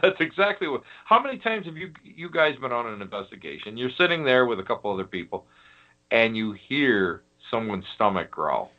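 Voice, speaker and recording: Animated guy cracking up while he tells a story, lively pitch, muffled lo-fi sound. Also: fairly quick. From Western New York. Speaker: guest. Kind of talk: storytelling on a podcast. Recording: dull lo-fi audio.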